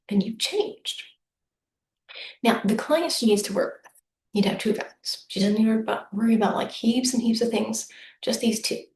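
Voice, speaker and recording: A woman's voice: mid-range voice, a little mellow. Upbeat chatty woman in an echoey room. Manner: chatty, upbeat, acts out quoted clients. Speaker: human design business coach. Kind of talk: solo recorded reading, casual explainer. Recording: echoey room with faint noise.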